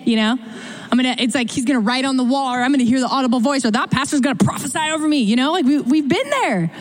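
A woman pastor preaching a sermon in a lively, conversational way, acting out quotes with sudden jumps in her voice. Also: quick pace. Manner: animated, conversational, acts out quotes with big pitch jumps. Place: church. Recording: church hall reverb.

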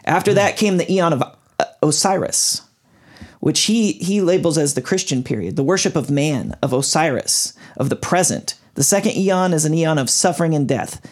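A man hosts a casual podcast and walks his friends through a long explanation. His pitch swings widely and he keeps an easy, chatty pace. He trips over unfamiliar names now and then. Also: animated, normal speed. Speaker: podcast host.

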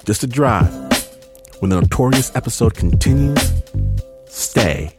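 A man hosting a radio show, reading credits and a teaser in a measured scripted delivery. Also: medium pitch, expressive, loud music behind the voice.

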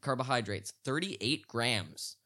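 A man's voice: medium pitch, expressive, slow, sharp tone. A man guesting on a casual podcast, playful and getting worked up in mock rants.

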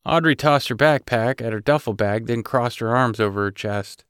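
A man narrating an audiobook in an even, matter-of-fact way. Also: on the low side, normal speed, few pauses, clean tone, no echo, studio quality. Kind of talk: scripted narration.

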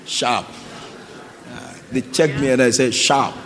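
Slow and steady in tone, this mid-range voice belongs to a pastor addressing his congregation and urging them forward to give offerings. He keeps repeating brief commands and peppering the crowd with questions; the recording carries the echo of a hall and some faint noise.

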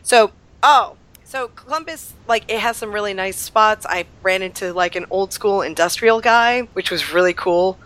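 A woman's voice: medium pitch, moderate pace, a bit bright. A woman chatting casually, telling rambling travel stories with lots of fillers, still getting over an illness. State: recovering from illness. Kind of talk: casual chat.

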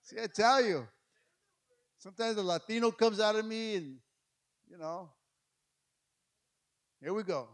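A middle-aged man preaching with a high, ringing voice, full of passion and personal stories. He is from Mexico and often stumbles and repeats words when he gets carried away. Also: lively intonation, a little slow, long pauses. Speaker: pastor. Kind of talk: sermon.

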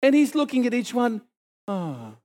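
Animated high-voiced preacher man. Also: moderate pace. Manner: animated, acts out dialogue with sudden high exclamations. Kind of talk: storytelling sermon.

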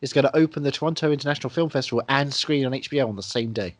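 A man in mid-range pitch chats about movies with eager, joking energy, jumping from one tangent to the next. The sound is dry and close, with no room around it. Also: racing, dry recording. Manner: enthusiastic, jokey, drifts into tangents. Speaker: podcast co-host. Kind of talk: casual film chat.

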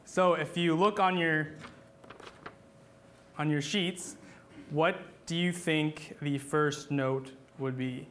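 A man with a somewhat raised voice teaches a class at an unhurried pace. He explains things patiently, stopping and restarting often. Now and then he sings short phrases as examples. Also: a little high, fairly even intonation, a bit bright, slight background noise. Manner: patient, halting, with many fillers and restarts. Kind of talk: classroom lesson on chant.

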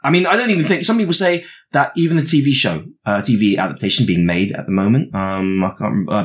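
A man co-hosting a casual podcast chat, breaking down a comic book with many fillers and restarts. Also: medium pitch. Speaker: podcast co-host.

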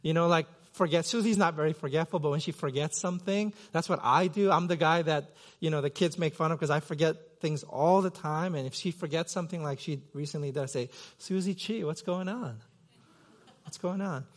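Pastor, male, middle-aged, from Korea: a relaxed, chatty sermon voice sitting high in the register, trailing off into fillers. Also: fast, hardly any pauses. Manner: conversational, self-deprecating with many fillers and restarts. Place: church sanctuary.

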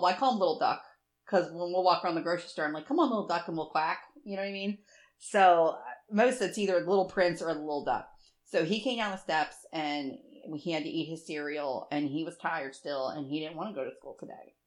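A woman with a fairly low voice chats casually and tells animated family stories. She laughs often as she talks. She sounds like she is in her forties. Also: a little fast. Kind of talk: casual chat.

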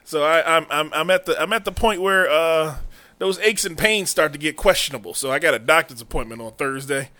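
A man's voice: fairly high pitch, brisk, bright, forceful tone. A man in his thirties hosting a comedy podcast in casual, playful banter, laughing often and repeating words as he gathers his thoughts. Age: 30s. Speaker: podcast host. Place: podcast studio.

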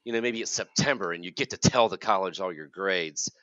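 A man's voice: deep voice, a little fast, a bit bright, no room sound, highs cut off. A man in his forties, a college counselor co-hosting a podcast, ranting in an exasperated, sarcastic way. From United States. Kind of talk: casual podcast rant.

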